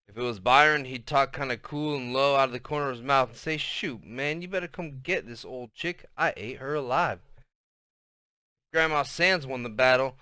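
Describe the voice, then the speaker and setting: Bright, crisp male storyteller. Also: mid-range voice, no room sound, clean studio sound. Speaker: audiobook reader. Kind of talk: storybook narration.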